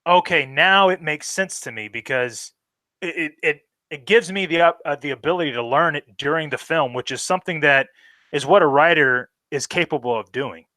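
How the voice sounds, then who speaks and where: Male guest, bright, fairly high voice, very dry sound, emphatic and swearing. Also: moderate pace, no room sound. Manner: emphatic, profane, passionate. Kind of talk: casual film chat.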